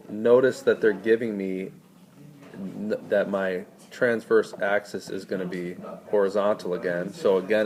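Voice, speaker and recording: Low gravelly-voiced male math tutor. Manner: talks students through steps, quizzing them. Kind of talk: screencast math lesson.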